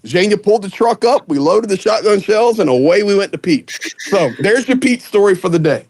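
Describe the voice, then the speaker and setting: Animated storytelling man. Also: high-pitched, fairly quick. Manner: animated, acts out voices in anecdotes. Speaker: aid volunteer telling stories. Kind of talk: casual storytelling.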